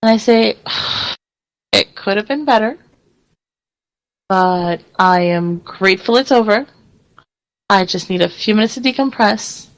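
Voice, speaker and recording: Laughing frequently, a woman on the radio keeps things chatty and lively, performing the back-and-forth of the conversations she recounts. She speaks unhurriedly at a mid pitch with frequent pauses, in a low-quality recording.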